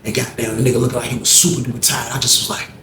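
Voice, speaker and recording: With a mid-range, fairly bright voice, the man delivers his profane story rapid-fire in a level tone while animatedly acting it out. The echoey room carries faint background noise.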